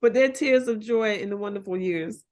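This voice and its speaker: A woman guest in a casual conversation, warm and affectionate toward the host. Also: medium pitch, moderate pace. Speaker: guest, school founder.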